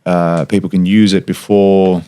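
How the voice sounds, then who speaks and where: Lower-pitched Australian man, jokey podcast host. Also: a little slow, clean tone. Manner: joking, animated storyteller who swears. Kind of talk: casual chat.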